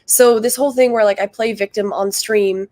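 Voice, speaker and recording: A woman talking on a livestream, rambling and halting, with heavy use of filler words and a soft, unsure delivery. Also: mid-range voice, steady tone. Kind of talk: confessional livestream talk.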